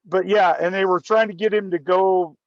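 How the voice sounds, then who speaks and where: A man's voice: high-pitched, steady tone, normal speed, no echo, lo-fi sound. A man telling a story in casual conversation, often restarting and repeating words. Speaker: guest storyteller.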